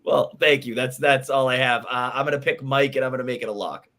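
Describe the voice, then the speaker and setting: A man co-hosting a casual fantasy football podcast, jokey and quick with interjections. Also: medium pitch, steady tone, sharp tone. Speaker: podcast co-host.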